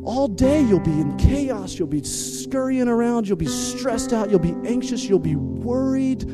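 A man preaching a lively, humorous sermon as pastor, energetic and jokey, swinging from loud calls to hushed asides. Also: extremely high pitch, unhurried, over loud music.

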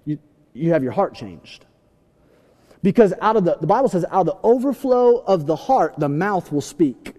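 A young man preaching a sermon, telling stories with animated shouts and asides. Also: high voice, normal speed. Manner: animated storytelling, acts out scenes with shouts. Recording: long hall reverb.

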